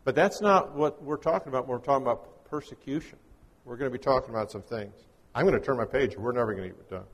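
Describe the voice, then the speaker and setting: A man's voice: mid-range voice, fast, slightly rough, big-room sound. A man delivering a conversational, folksy sermon as a guest preacher, mixing scripture readings with casual teaching. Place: church.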